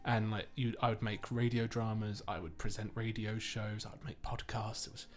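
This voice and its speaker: A man's voice: lowish voice, flat delivery, moderate pace, soft background music. A young man co-hosting a casual podcast, chatty and self-deprecating, laughing often between stories. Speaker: co-host.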